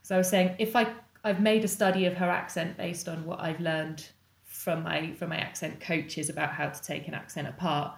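Low-voiced actress in a roomy space. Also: female voice, steady tone, moderate pace, gravelly. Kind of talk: casual interview talk.

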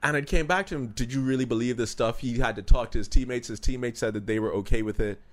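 A man's voice: mid-range voice, fast talker. Man co-hosting a podcast, talkative. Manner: discursive, builds arguments with hypotheticals. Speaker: podcast co-host. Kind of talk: casual podcast chat.

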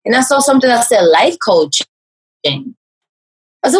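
A woman, a life coach, telling her personal story in an interview, animated and full of fillers and restarts. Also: a little slow, slightly rough, poor audio. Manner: animated storyteller, raises pitch to act out quoted speech.

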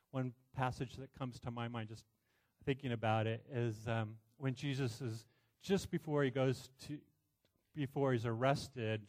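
Man preaching a sermon with a personal story. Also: medium pitch. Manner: storytelling, animated, many restarts. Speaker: pastor.

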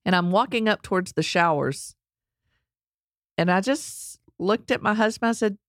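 A middle-aged woman telling a personal story in a casual, animated way, acting out quotes and laughing along. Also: mid-range voice, normal speed, no echo, studio quality.

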